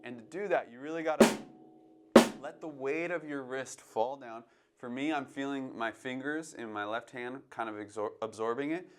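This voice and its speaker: A man teaching jazz drumming, calmly coaching and counting beats aloud between demonstrations. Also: mid-range voice, normal speed, faint music behind. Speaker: drum teacher. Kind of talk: instructional demonstration. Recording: drums playing behind the voice. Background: drum playing between phrases.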